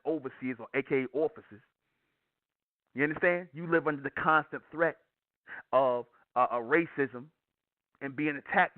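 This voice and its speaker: A man's voice: fairly high pitch, no echo. Man, channel host, impassioned raised-voice preaching monologue, tinny phone-like audio. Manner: raised, declaiming voice, hyped up.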